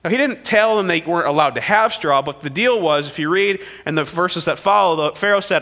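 A man preaching a sermon, retelling the story with animated delivery and voices for the people he quotes. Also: a little high, brisk, few pauses, in a large hall. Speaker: pastor.

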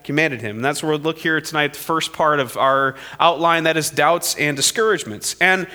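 A man preaching a sermon, retelling the story with animated delivery and voices for the people he quotes. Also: a little high, a little fast, big-room sound. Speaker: pastor.

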